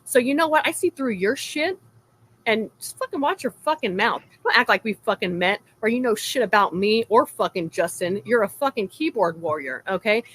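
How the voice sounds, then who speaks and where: A woman's voice: fairly high pitch, animated, moderate pace, fairly bright tone, husky. Cursing, ranting woman. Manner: profane, angry, ranting. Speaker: livestream participant. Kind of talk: heated online argument.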